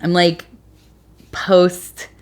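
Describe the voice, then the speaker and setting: A woman's voice: on the low side, completely flat delivery, very slow, a little mellow. A middle-aged woman hosting a casual tea leaf reading, rambling and meandering with lots of fillers. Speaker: tea leaf reader, channel host.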